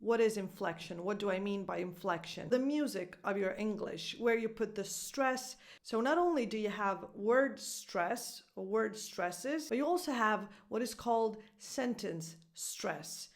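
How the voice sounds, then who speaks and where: An upbeat woman whose first language is Italian teaches an online pronunciation lesson, clearly modeling example phrases. Her mid-range voice is a little slow, with hardly any pauses.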